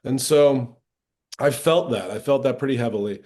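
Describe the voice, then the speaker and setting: Man, middle-aged, actor, podcast guest, candid storytelling, animated, plays out quoted lines, mid pitch. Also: moderate pace. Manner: animated retelling, acting out quoted voices with lively shifts. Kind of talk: candid storytelling in a casual interview.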